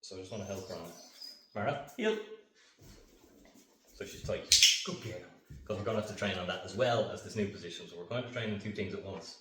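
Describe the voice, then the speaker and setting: A man training his dog on camera, calmly explaining each step and breaking off for short commands and upbeat praise to the dog. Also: deep voice, brisk, pauses often, far from the mic. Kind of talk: hands-on training demonstration. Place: indoor training room. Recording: echoey room, voice off-mic.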